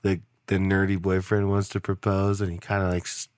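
A young man co-hosting a podcast in casual chat. He rambles, swears often and acts out quotes in a much higher voice. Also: completely flat delivery, a little fast, darkish tone, dry recording, studio quality. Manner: rambling, swears a lot, acts out quotes with big jumps in pitch. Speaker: podcast co-host.

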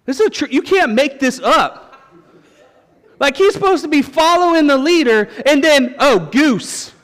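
A male pastor preaching a sermon, telling stories with repeated refrains in an animated way. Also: extremely high pitch, unhurried. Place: church sanctuary. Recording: long reverb of a church hall.

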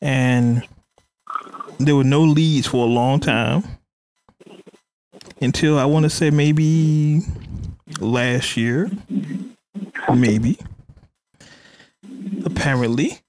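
A man's voice: medium pitch, drawn-out words, long pauses, a little mellow. Chatty man hosting with a lilt. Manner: hedging, chatty, keeps saying allegedly. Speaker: podcast host. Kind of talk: casual hip hop news chat.

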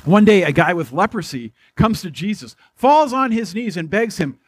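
A male pastor giving a church sermon in a conversational way, slowing down to stress key phrases. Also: high voice, animated, husky, no echo.

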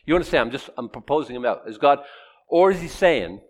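A man's voice: mid-range voice, expressive, quick pace. A man teaching a Bible sermon in a chatty way, asking and answering his own questions and acting out the quoted lines. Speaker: preacher.

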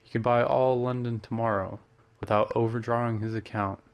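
A man's voice: mid-range voice, little pitch movement, moderate pace, close to an everyday voice. A man doing an urbane, teasing painter. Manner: amused, urbane, drops French phrases. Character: worldly, teasing male painter friend.

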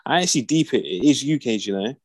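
A man's voice: mid-range voice, expressive, fast talker, breathy edge, no room sound. A young man chats in loose, slangy banter and laughs easily. His voice sits in an ordinary middle range. The recording is close and dry, with no room sound. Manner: laid-back slangy banter, laughs often. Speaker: podcast co-host. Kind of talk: casual chat.

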